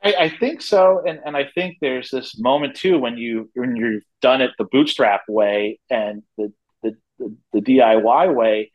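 A man's voice: medium pitch, measured pace, highs cut off. Talkative man in his forties. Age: 40s. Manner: talkative storyteller, frequent restarts. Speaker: guest, head of a wrestling company. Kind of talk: casual interview answers.

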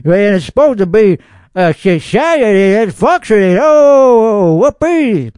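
A man's voice: high-pitched, big pitch swings, moderate pace, darkish tone, clear, resonant tone, no echo, clean studio sound. A man with a Texan accent hosting a podcast, reacting to internet videos in rambling, profane, mock-outraged casual commentary. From Texas. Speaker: podcast host.

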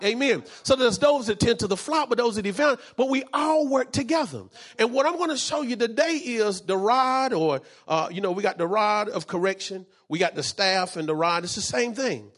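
High, husky-voiced male pastor preaching. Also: moderate pace, hardly any pauses, fairly bright tone. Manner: fervent preaching, repeated phrases, frequent amens. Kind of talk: sermon.

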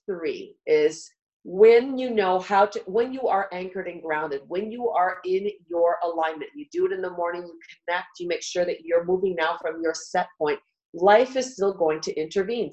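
A woman's voice: on the low side, a little mellow, lo-fi sound. A middle-aged woman guest on a live talk show, earnestly coaching listeners step by step. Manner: earnest coaching, walks listener through steps. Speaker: guest speaker.

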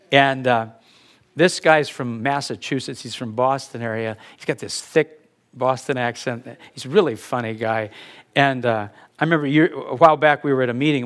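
A man's voice: mid-range voice, fairly bright tone. A middle-aged man preaching a sermon in a conversational manner, telling anecdotes and chuckling at his own stories. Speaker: pastor.

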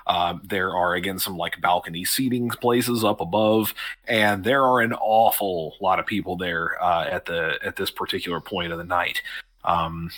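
A man runs a tabletop game, narrating scenes in a low, bright voice. He rambles through his descriptions, full of ums and restarts, in casual talk. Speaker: game master.

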